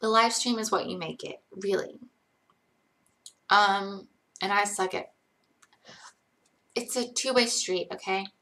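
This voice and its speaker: A woman's voice: mid-range voice, slow pace, long pauses, sharp tone. A tired young woman chatting casually on a live stream, rambling and self-deprecating as she reads chat aloud.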